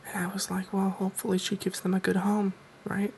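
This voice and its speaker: Soft-spoken man with a gravelly edge. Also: high voice, a little fast, slight background noise, rough recording. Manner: deadpan, mock-serious. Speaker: ASMR creator.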